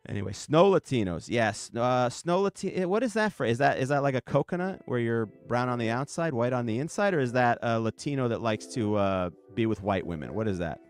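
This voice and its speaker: A man hosts his own show, riffing in a loose, comedic monologue and answering viewers as he goes. His voice sits at an average pitch, and he jumps between mock questions and quick asides. Faint music plays underneath. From United States. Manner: animated, mocking impressions, rhetorical questions. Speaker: podcast host. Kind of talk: casual comedic monologue reading chat.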